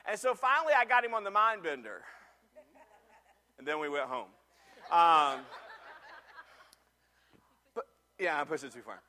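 A middle-aged man, preaching a sermon and telling a personal story, animated and full of restarts. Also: fairly high pitch, a little slow, pauses often. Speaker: pastor.

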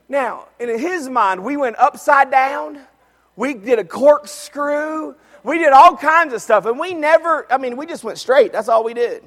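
High-voiced preacher in a reverberant hall. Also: male voice, big pitch swings, normal speed. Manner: storytelling, swinging from loud to hushed. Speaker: pastor. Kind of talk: sermon.

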